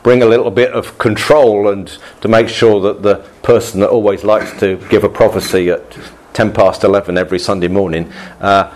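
A male pastor preaches in a relaxed, conversational way, joking and chuckling as he goes. His voice sits low, and a faint hiss of noise lies under the recording. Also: brisk, hardly any pauses. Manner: chatty and good-humoured, with frequent laughs and restarts. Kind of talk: sermon.

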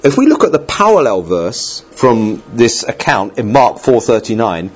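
Animated preacher, husky voice. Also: male voice, medium pitch, normal speed, lo-fi sound. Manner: conversational, animated preaching with asides to the congregation. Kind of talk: sermon.

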